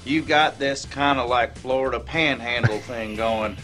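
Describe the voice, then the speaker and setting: A man plays a smug, know-it-all accent coach in a sitcom scene. His voice sits on the low side, and he lays out his advice slowly and condescendingly. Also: a bit bright, soft background music, close to an everyday voice. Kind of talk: sitcom dialogue.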